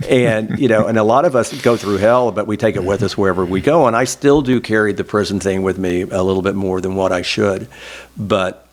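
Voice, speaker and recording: Man, middle-aged, low-pitched, from Oklahoma, reflective, anecdotal, self-deprecating. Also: fairly even intonation, normal speed. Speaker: interview guest, former state senator. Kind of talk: reflective oral history storytelling.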